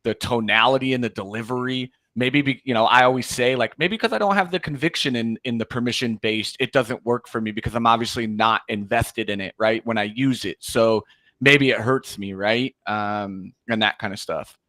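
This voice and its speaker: A man's voice: mid-range voice, normal speed, dry recording. A man who coaches sales, chatting casually about cold calling and acting out bits of calls. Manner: animated, acts out call snippets.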